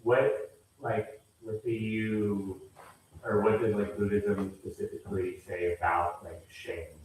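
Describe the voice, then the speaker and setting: A man's voice: lowish voice, little pitch movement, slow, darkish tone. Hesitant man asking from the floor. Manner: hesitant, many fillers. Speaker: audience member asking a question. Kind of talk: casual question from the floor. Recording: echoey hall, far from mic, faint noise.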